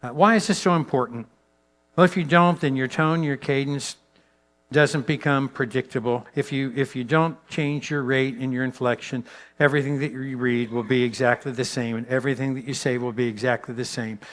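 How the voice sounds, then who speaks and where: Man, guest speaker, leadership talk to pastors, mid-pitched voice, animated storytelling, wide swings in pitch and volume, soft slow emphasis.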